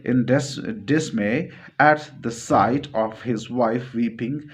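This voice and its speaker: A male literature teacher explaining a short story in a classroom lecture, repeating himself, glossing word meanings and filling pauses. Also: mid-range voice. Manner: repetitive, glossing words, many fillers.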